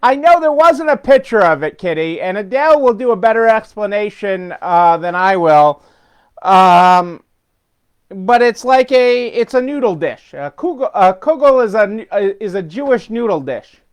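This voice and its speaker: A chatty middle-aged man hosts a weekly business update with a high, smooth and resonant voice. He rambles through his points with fillers and restarts, chuckling along the way. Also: lively intonation, unhurried. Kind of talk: casual unscripted talk.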